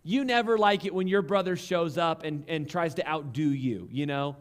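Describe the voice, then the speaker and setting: Guy preaching in church, kinda high voice, gets worked up acting out the story. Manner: animated preaching, acts out quoted voices, reads scripture slowly. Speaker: pastor. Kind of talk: sermon. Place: church sanctuary.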